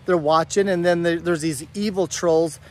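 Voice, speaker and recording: This middle-aged man, a homesteader vlogger, addresses the camera outdoors among his goat pen and orchard. His fairly high voice has a darkish tone, fairly even intonation, and normal speed, and he rambles casually and earnestly, restarting again and again.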